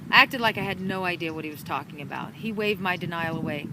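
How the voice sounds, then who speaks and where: A woman reading a children's storybook chapter aloud with an animated, dramatic delivery, recorded outdoors in a park. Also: fairly low pitch, fast. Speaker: storybook reader. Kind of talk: expressive storybook narration. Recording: outdoor park with traffic noise.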